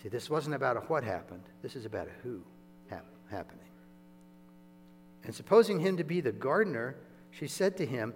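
A man's voice: medium pitch, fairly quick, pauses often. Male pastor, chatty sermon delivery with chuckles; echoey hall, faint mains hum. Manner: conversational, animated, chuckling asides.

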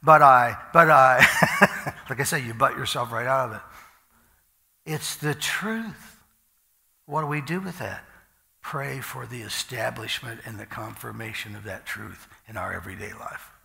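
Gravelly, bright-voiced preacher in a reverberant hall. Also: male voice, medium pitch, normal speed. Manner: animated, conversational preaching with acted asides. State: dry mouth from medication. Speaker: pastor. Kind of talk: sermon.

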